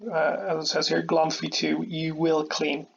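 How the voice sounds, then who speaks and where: A man's voice: a little high, completely flat delivery, measured pace, vocal fry, highs cut off, a little hiss or hum. A man teaching an Irish grammar lesson step by step, patient and checking in with "okay" and "all right" often.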